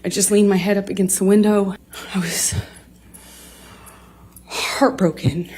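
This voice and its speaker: A woman in her thirties testifying in court, halting and restarting often with many fillers. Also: mid-range voice, fairly even intonation.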